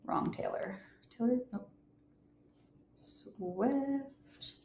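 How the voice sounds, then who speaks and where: A young woman co-hosting a podcast in casual chat, gushing and gasping with excitement. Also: fairly low pitch, normal speed, a little hiss or hum. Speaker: podcast co-host.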